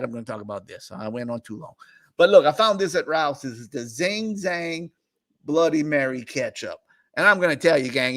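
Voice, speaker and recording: A man's voice: mid-range voice, a bit bright, no room sound. A middle-aged man, hosting a casual, rambling food chat stream and laughing often. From New Orleans area. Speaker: host.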